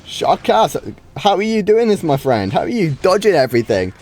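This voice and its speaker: A man from the United Kingdom streams his game duels in a high, darkish, very animated voice at normal speed. He chats casually, reacting constantly, often saying wow and starting sentences over. Soft game music can be heard behind him.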